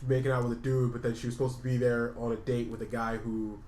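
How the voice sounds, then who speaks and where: A male podcast co-host chats casually, rambling and swearing freely as he laughs at his own stories. His mid-pitched voice sits in an echoey room, with faint noise underneath. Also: level tone, quick pace, a little mellow. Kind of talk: casual chat.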